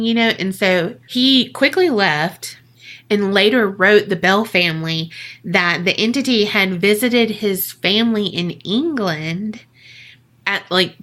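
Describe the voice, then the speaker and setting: A woman chats through a spooky tale on a podcast in a bright, forward voice. She takes her time, peppers the story with profanity and jokes, and leaps up in pitch when she plays the people in it. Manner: chatty, profane, jokey asides; acts out quoted voices with big pitch jumps. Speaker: podcast co-host. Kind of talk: casual storytelling.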